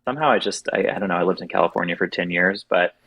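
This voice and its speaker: Deep gravelly man with a light Southern accent. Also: rapid-fire, no echo, dull audio. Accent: light Southern American. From southern United States. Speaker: podcast guest, drag performer. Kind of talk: casual podcast chat.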